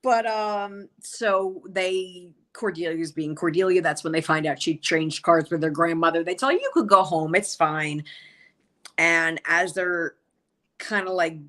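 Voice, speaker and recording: A woman casually recapping TV episodes on a podcast, telling it in an animated way. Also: fairly low pitch, a little slow. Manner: animated storyteller, acts out quotes. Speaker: podcast co-host.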